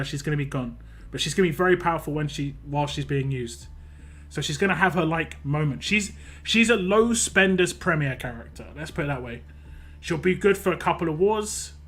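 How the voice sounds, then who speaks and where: A man's voice: fairly high pitch, a bit bright. A man casually streaming a mobile game, reading viewer comments aloud in a playful sing-song and chatting about characters.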